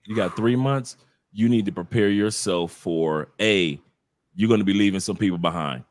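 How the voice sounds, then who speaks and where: A man's voice: fairly low pitch, normal speed. A man from the United States, a podcast guest talking casually and emphatically, lecturing the audience directly.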